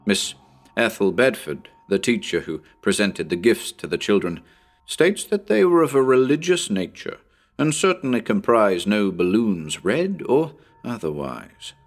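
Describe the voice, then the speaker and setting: Low guy reading a spooky old story, voice rises and falls a lot, soft music behind. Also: big pitch swings, measured pace. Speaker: audiobook narrator. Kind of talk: read-aloud short story narration.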